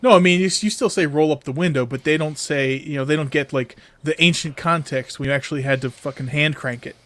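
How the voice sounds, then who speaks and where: A man co-hosting a podcast, explaining his view in casual chat with a wry, measured manner. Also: on the high side, a bit bright, no room sound. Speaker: podcast co-host.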